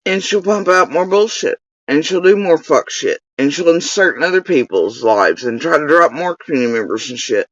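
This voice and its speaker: A man's voice: on the high side, animated, moderate pace, few pauses, a bit bright, no room sound. Furious, profane man ranting at someone. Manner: profane, accusatory, insulting. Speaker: channel host. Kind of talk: angry direct-to-camera rant. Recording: dull lo-fi dry recording.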